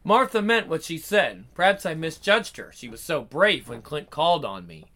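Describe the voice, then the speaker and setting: A man's voice: fairly high pitch, big pitch swings, normal speed, pushed and bright. A man voicing a headstrong young woman who tells her own story with melodramatic flair. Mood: wistful.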